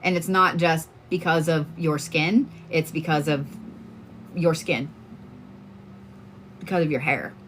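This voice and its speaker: A woman's voice: low-pitched, steady tone, slow, pauses often, a little hiss or hum. A woman from Oklahoma, a tarot card reader chatting casually on a livestream, telling stories in a candid, profane way with lots of fillers.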